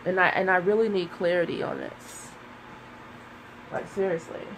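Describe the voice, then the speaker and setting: Woman tarot reader, low voice, tearful and hesitant, faint hiss behind. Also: steady tone, normal speed, poor audio. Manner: emotional, searching, with many fillers. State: close to tears. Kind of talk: casual tarot reading.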